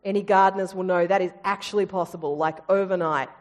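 A woman's voice: fairly low pitch, fast talker. Woman preaching in a big hall. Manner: lively storytelling with asides and humour. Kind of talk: sermon.

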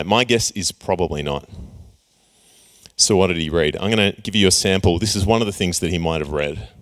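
A young man preaching a casual youth sermon, playfully acting out characters and joking with his listeners. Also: sits low. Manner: playful, acts out characters with jokey voices. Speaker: youth pastor.

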